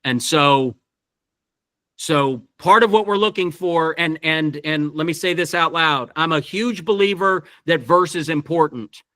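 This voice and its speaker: A man's voice: on the high side, measured pace, sharp tone, no echo. A man directing actors in a verse workshop over a video call, thinking aloud with many restarts. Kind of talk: teaching talk on Shakespeare verse.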